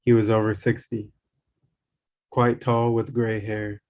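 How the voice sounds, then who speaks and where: A man reading a spiritual memoir aloud in a calm, measured way. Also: fairly low pitch. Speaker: reader.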